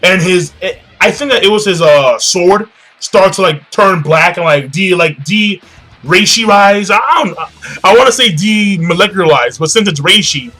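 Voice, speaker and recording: A man's voice: high-pitched, normal speed, pushed and bright. A young man giving a casual, profane recap of a comic chapter, rambling and repeating himself. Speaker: manga reviewer.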